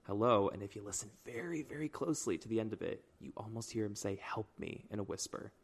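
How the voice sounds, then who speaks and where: Low gravelly guy chatting on a true-crime podcast, laid back. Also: animated, darkish tone. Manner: laid-back, reads captions aloud slowly. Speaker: podcast co-host.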